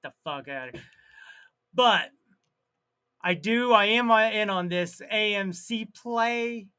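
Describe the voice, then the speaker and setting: With a high-pitched, clear, resonant tone, this man hosts a live stream and chats casually. He reads viewer comments aloud, laughs at his own jokes, stretches out words, and erupts in sudden loud bursts.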